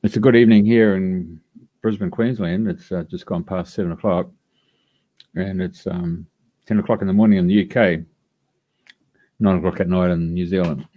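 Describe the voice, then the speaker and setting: A man's voice: low voice, steady tone, moderate pace, long pauses, phone-quality sound. Rambling man hosting radio. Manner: rambling, hesitant with many fillers. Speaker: radio host. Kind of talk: live radio show introduction.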